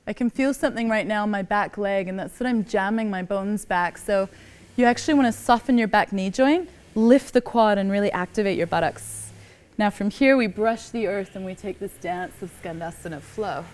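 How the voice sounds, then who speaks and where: A woman leads a yoga class, cueing each pose in a calm, encouraging way. She is slightly out of breath as she moves through the flow herself. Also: mid-range voice, moderate pace. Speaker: yoga teacher. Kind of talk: guided yoga class instruction.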